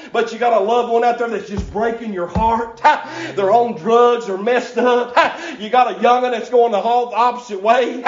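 A preacher whose voice sits very high, driving his sermon along with a gasped "hah" at the end of each phrase and breaking into shouts. The sound is dull and lo-fi, caught in an echoey church sanctuary. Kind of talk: revival preaching.

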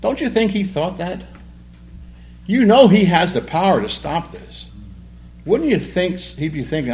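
A man's voice: on the high side, lively intonation, moderate pace, darkish tone. A man preaching a sermon, acting out the voices of the people he quotes. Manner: dramatic, acts out quoted voices. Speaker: pastor.

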